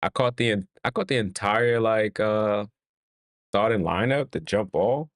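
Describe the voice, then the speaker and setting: A man's voice: on the low side, unhurried, no room sound, clean studio sound. A man hosting a fan watch-along, calling the game play by play in a casual way, urging the players on and laughing with his chat. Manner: excitable, talks to the players and chat, laughs often. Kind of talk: casual live play-by-play commentary.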